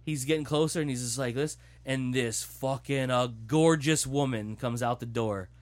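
In an easygoing chat, a young man of medium pitch narrates a movie's story at normal speed. He curses a lot and performs the characters' lines with animated energy.

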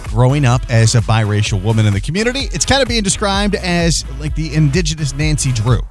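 A man's voice: a little high, sing-song, a little fast, soft background music. A man hosting morning radio in playful, joking banter. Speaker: radio host. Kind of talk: casual morning radio chat.

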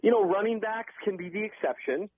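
Quick-talking man on a phone line. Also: high voice, breathy edge. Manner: quick, animated, restarts often. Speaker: football analyst guest. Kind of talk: casual sports talk. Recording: muffled phone line, dry.

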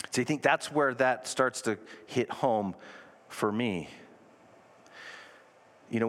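A man's voice: lowish voice, a bit bright. A man preaching a conversational sermon to a congregation, with self-deprecating asides. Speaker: pastor. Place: church sanctuary. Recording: long reverb of a large hall.

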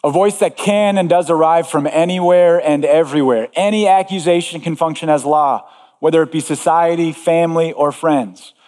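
A man's voice: on the high side, normal speed, darkish tone, big-room sound. A man preaching a sermon as pastor, earnest and emphatic, repeating key phrases.

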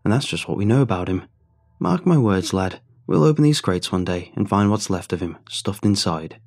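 A man voicing a gruff middle-aged male mover in a storybook reading, blunt and knowing as he passes on grim gossip. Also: low voice, animated, normal speed, a little mellow. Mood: ominous. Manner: blunt and knowing, ominous warnings. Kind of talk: storybook narration.

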